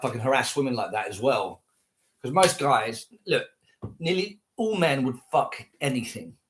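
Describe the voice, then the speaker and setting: A man's voice: medium pitch, fairly bright tone, slight background noise. Scornful, foul-mouthed man ranting. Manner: profane, scornful, repetitive. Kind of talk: casual rant to camera.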